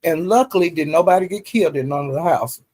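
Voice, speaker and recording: A man's voice: fairly high pitch, fast, darkish tone. A man, recapping online drama in a rambling, folksy way full of fillers. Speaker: YouTube commentary host.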